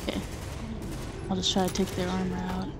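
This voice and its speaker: A young woman chatting excitedly with her teammate while playing a shooter game. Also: lowish voice, fairly quick. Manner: giggly, excited. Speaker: co-op teammate, girlfriend. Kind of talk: casual gameplay chat. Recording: noisy game audio underneath. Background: gunfire from the game.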